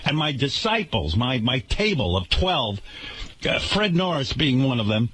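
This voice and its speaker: A man's voice: mid-range voice, very animated, unhurried, a bit bright, slight background noise. A man hosting a radio talk show, delivering an indignant, sarcastic rant to his listeners.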